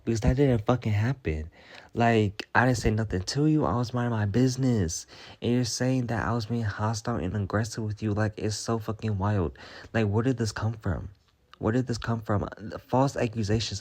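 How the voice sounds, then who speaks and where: A man's voice: fairly low pitch, darkish tone. A young man telling a story in a casual vlog, sassy and blunt, cursing freely as he reads out his own messages. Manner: retells a chat, reading out his messages.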